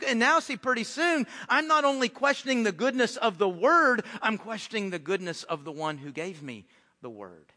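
A man preaching a sermon in a lively, conversational way, often repeating words as he restarts his sentences. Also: sits high, moderate pace. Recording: echoey hall with long reverb.

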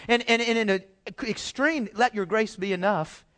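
High-voiced man preaching folksy sermon. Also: normal speed, a bit bright. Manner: folksy, conversational preaching with repeated restarts. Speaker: pastor.

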